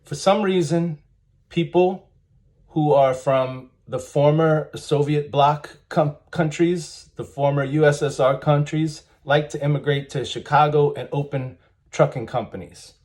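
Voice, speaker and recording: A man's voice: a little high, fairly even intonation, unhurried, darkish tone. A man, reading job ads aloud and commenting bluntly and wryly, chuckling often. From United States. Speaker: trucking channel host.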